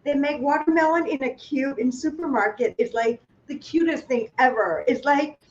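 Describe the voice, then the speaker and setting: A woman's voice: sits high, moderate pace, highs cut off, slight background noise. A woman from Thailand with a Thai accent, hosting a live online cooking class, chatty and playful, asking viewers questions as she works.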